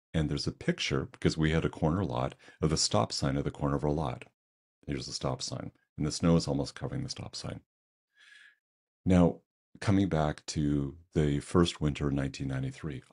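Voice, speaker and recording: A man's voice: extremely low pitch, darkish tone. An older man from Canada, telling a self-deprecating story as a webinar presenter.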